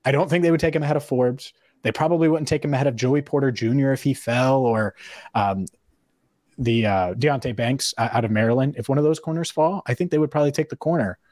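Dry-sounding podcast host, opinionated. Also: male voice, mid-range voice, fairly quick, darkish tone, dry recording. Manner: opinionated, thinks aloud with hypotheticals. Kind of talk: casual sports podcast chat.

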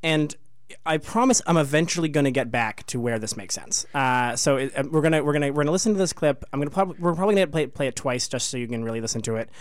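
A male co-host with a smooth, clear voice of middle pitch, easygoing and a bit halting as he sets things up. The sound is close and dry, with no room echo. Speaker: radio co-host. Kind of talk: casual radio talk. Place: radio studio.

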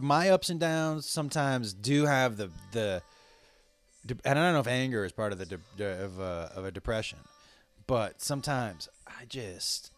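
Rambling, profane man telling a story. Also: medium pitch. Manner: rambling and profane, with loud outbursts. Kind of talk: casual storytelling.

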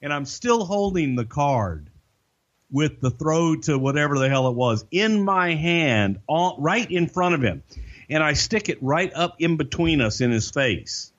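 Brief: male podcast guest, animated profane storyteller, lively pitch, muffled audio. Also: unhurried. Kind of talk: casual anecdotal storytelling.

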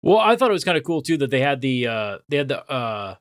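A man's voice: mid-range voice, sing-song, fast talker, dry recording, clean studio sound. A man co-hosting a podcast, recapping an episode in casual chat and acting out characters' lines as he goes. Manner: chatty, acts out quoted lines. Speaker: podcast co-host.

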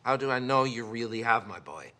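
A man's voice: mid-range voice, lively intonation, a little fast, noisy background, lightly acted. An actor playing a cold, menacing father who threatens his son's kidnappers. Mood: cold menace. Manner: icy, threatening.

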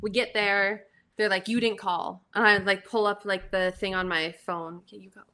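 A woman's voice: medium pitch, fairly even intonation, normal speed, sharp tone. A young woman guest in casual podcast chat, telling a story with many fillers.

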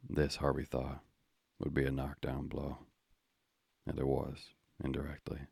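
A man calmly narrating a classic sea novel as a bedtime story. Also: a bass voice, measured pace, vocal fry, husky, no room sound, clean studio sound.

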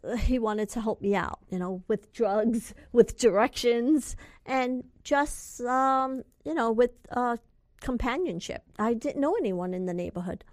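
A woman in her forties from California, a guest telling a tense story in an interview, lively and confiding. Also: on the high side, unhurried, no echo, studio quality. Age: 40s.

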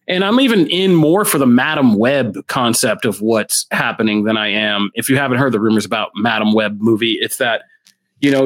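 A man co-hosting a casual comic book chat, blunt and opinionated in a steady way. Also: medium pitch. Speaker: comic book podcast co-host.

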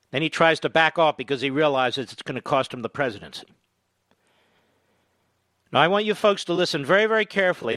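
A man's voice: fairly high pitch, bright, forceful tone, no echo. A man hosting a political talk radio show, emphatic and indignant, hammering points home by repeating them.

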